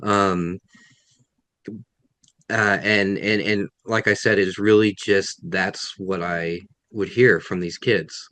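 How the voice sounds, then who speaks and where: A man's voice: low-pitched, steady tone, slow pace, pushed and bright, dry recording. A man, a guest author, answering questions on a video call in a thoughtful way, often restarting his sentences. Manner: thoughtful, self-correcting, many restarts. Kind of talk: webinar Q&A answers.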